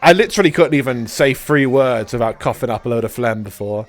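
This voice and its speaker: A man hosting a live game stream in casual, rambling chat, his voice hoarse and stuffy from a cold. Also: medium pitch, lively intonation, a little fast, soft background music. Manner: rambling, with restarts, swearing and laughs. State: stuffy nose after a cold.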